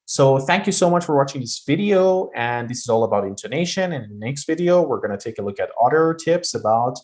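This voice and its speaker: A man teaching an exam-prep pronunciation lesson, explaining deliberately with stressed words and pauses. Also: medium pitch, expressive, a little mellow.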